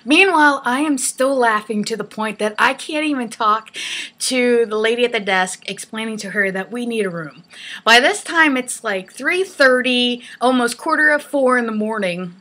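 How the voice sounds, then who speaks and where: Bright-voiced woman telling a lively story. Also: on the high side, moderate pace. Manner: animated, laughing storyteller. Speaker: hairstylist telling a travel story. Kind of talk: casual storytelling vlog.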